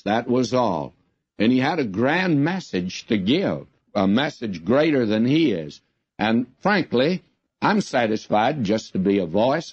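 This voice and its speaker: Older male radio preacher, slow and folksy, earnest emphasis, dull lo-fi broadcast sound. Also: medium pitch, darkish tone, slightly rough, no room sound. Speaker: radio Bible teacher. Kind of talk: radio Bible teaching.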